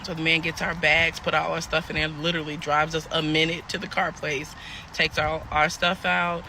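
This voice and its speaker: Gravelly, chatty woman telling a story. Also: deep voice, little pitch movement, moderate pace, bright, forceful tone, slight background noise. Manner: chatty, talks straight to the viewers. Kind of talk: casual storytime.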